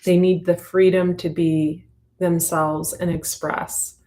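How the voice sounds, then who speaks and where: A woman reads tarot for her audience in a loose, heartfelt way, full of filler words. Her voice sits a little low for a woman. The room around her is echoey. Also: flat delivery, takes it slowly, mellow, a little hiss or hum. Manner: rambling, heartfelt, many fillers. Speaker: intuitive tarot reader. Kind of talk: casual spoken intuitive reading.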